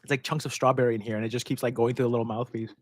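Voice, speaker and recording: A man's voice: mid-range voice, little pitch movement, rapid-fire, slight background noise. A man hosting a casual live-stream question and answer session, talking in a rambling, chatty way and laughing often mid-sentence into a close microphone. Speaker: host answering viewer questions. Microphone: close desk microphone.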